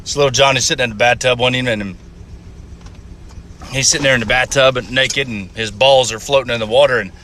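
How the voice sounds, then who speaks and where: A man telling crude, profane jokes with deadpan setups, from inside a car. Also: mid-range voice, fast talker, slight background noise. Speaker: comedian. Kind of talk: stand-up joke telling.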